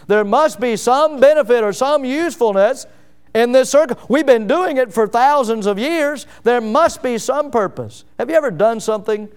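High, clear-voiced man preaching. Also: animated, moderate pace. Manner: emphatic, full of rhetorical questions. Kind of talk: sermon.

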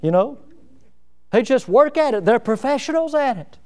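A middle-aged man preaches a sermon in a folksy, plain-spoken style, full of self-mocking humor and lively emphasis. His voice is very high-pitched and moves at normal speed.

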